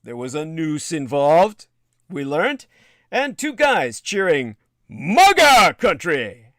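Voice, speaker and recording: A man's voice: a little high, sing-song, takes it slowly, no room sound, clean studio sound. A man hosting a livestream, reading news passages aloud and breaking off into wry, digressive asides with many hesitations. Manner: hesitant, with frequent filler sounds. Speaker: livestream host.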